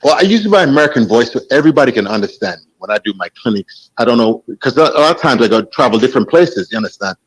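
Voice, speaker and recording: A man's voice: mid-range voice, rapid-fire, hardly any pauses, husky, poor audio. A man from Jamaica with a Jamaican accent, a football coach explaining tactics in casual chat, often asking if you understand. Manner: animated, restarts sentences, asks "you understand?".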